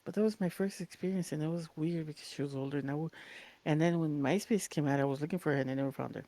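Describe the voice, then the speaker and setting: A woman's voice: low-pitched, fast talker, no room sound. A woman, telling stories casually and acting out the people she quotes, cursing now and then. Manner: animated, acts out quoted voices, swears casually. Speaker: podcast co-host. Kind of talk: casual storytelling chat.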